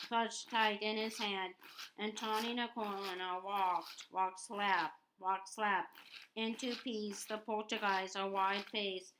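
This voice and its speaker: A woman reads a story aloud at a slow, unhurried pace, often stumbling and going back over words. Her pitch sits in a middle range. A steady hiss of noise runs under the voice. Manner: halting, often repeats and restarts words. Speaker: audiobook reader. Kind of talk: unrehearsed read-aloud narration.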